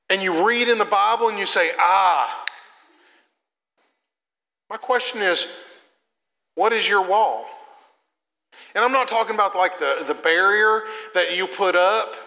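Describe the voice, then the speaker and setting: Casual young male preacher, high bright voice, echoing hall. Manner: conversational preaching, swings from loud to soft. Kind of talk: sermon. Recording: long reverb of a hall.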